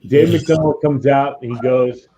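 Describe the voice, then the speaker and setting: A man co-hosting a casual livestream chat, telling animated stories. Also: mid-range voice, a little slow. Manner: storytelling, animated. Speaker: co-host. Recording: dull lo-fi sound, faint noise.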